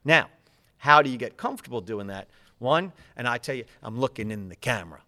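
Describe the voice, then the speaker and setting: Energetic fast-talking man. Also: medium pitch. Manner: enthusiastic, fast, animated, repeats words. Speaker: public speaking coach. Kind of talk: energetic interview talk.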